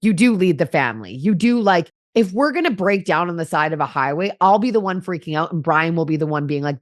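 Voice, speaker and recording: Casting: female co-host, lower voice, casual and talkative, dry close recording. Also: animated, fairly quick, few pauses, no echo. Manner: chatty, filler-heavy. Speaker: podcast co-host, host's partner. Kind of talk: casual chat.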